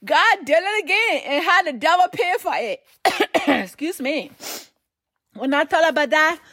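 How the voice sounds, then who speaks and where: A woman's voice: high-pitched, lively intonation, a little slow, a bit bright, no echo. A woman, preaching a sermon, telling a story with emphatic repetition.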